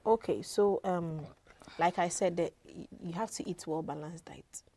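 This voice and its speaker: A woman's voice: on the low side, a little slow, warm tone, no room sound. A woman working as a midwife, earnestly explaining health advice with frequent fillers and repeated words. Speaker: midwife guest.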